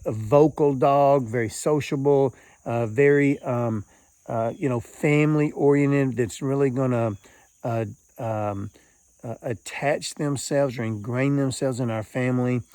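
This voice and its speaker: A man hosting a farm vlog, speaking casually with many fillers and cooing gently to a dog outdoors. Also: mid-range voice, unhurried, no room sound. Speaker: farm channel host.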